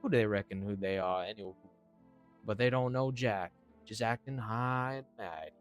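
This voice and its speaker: A man voicing a loud, folksy old mama with a slow drawl. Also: soft background music, close to an everyday voice. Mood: scornful. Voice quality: drawling, booming.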